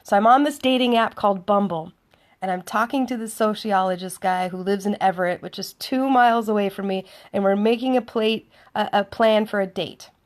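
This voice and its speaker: A woman's voice: medium pitch, a little fast. A woman telling a dating story in a chatty, sardonic monologue, acting out both sides of the conversation. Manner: chatty, sardonic, acts out dialogue. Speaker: vlogger.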